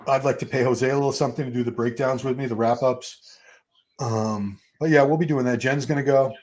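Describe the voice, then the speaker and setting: A man's voice: medium pitch, fairly even intonation, a little fast, a little mellow. A man in his fifties hosting a live watch party stream, chatting casually, restarting his sentences and talking to the chat. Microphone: streaming setup.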